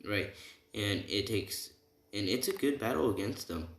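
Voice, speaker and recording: A man whose voice is on the low side, with lively intonation and an unhurried pace, casually improvises a story about an anime fan scenario. He rambles with constant "right?" and "like" fillers, on a roomy, noisy home recording with typing audible.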